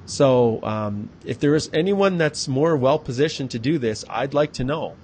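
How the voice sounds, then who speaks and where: A man's voice: medium pitch, lively intonation, moderate pace, a little mellow, slight background noise. A man, an immigration lawyer, hosting an interview and talking earnestly, with small fillers and repeated words. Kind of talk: casual interview talk.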